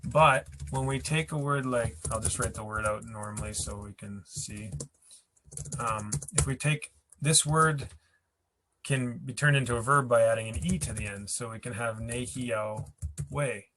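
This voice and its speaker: A man's voice: mid-range voice, a little slow, fairly bright tone, a little hiss or hum. Man teaching grammar, patient and chatty. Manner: patient, laughs easily, thinks aloud mid-sentence. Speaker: language teacher. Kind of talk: explaining grammar at a whiteboard.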